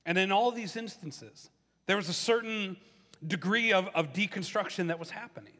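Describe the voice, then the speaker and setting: A pastor preaches a sermon in a conversational style, acting out the questions of people he quotes with a rising pitch. His voice is bright and forceful, at a normal speed. It has a big-room sound.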